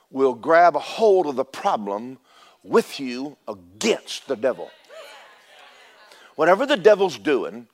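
Folksy preacher telling stories. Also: male voice, a little high. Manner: storytelling preacher, swings from loud to hushed. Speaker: pastor. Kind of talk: sermon. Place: church sanctuary.

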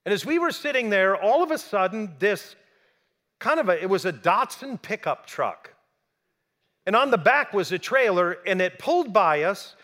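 Animated storytelling man, high and lively. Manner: animated, acts out the people he quotes. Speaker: speaker telling a story. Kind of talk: storytelling talk.

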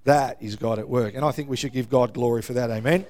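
A middle-aged Australian man preaching a sermon, telling a story with lively exclamations and frequent "yeah?" tags to his congregation. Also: mid-range voice, fast, a crowd in the background, background noise. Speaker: pastor.

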